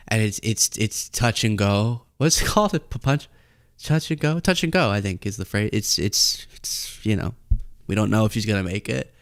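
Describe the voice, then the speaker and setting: A young adult man hosts a casual political commentary show, rambling as he improvises a comic story. His fairly low voice is clear and resonant, recorded at studio quality with no echo.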